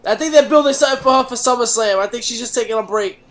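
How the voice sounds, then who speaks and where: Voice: medium pitch, rapid-fire, fairly bright tone. A podcast co-host chatting casually and giving matter-of-fact opinions.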